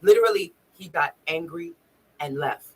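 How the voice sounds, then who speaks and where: A woman's voice: low voice, moderate pace, a bit bright, slightly rough, poor audio. A woman vlogging, telling a personal story in a raw, emotional way, swearing freely and near tears at times. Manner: raw, profane, tearful at times.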